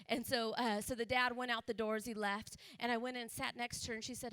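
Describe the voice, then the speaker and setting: A woman missionary telling a story in a sermon, animated, often rising to loud, laughing emphasis. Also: on the high side, brisk, few pauses, no echo. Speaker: missionary guest speaker. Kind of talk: sermon testimony. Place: church sanctuary.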